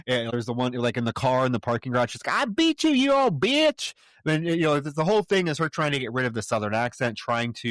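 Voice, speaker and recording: Podcast dude recapping a movie plot, animated, dry sound. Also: male voice, medium pitch, dry recording. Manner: animated retelling, slips into acted quotes. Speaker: podcast co-host. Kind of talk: casual movie review chat.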